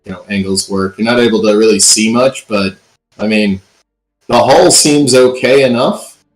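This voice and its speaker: A man's voice: fairly low pitch, normal speed, soft background music. A man running a tabletop game as game master, narrating loosely with frequent ums and uhs. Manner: relaxed, filler-heavy narration. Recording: echoey room.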